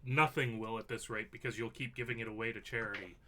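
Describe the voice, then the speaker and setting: A man's voice: fairly low pitch, fairly even intonation, fast talker, bright, forceful tone. A man narrating a tabletop game as game master, with wry, theatrical descriptions.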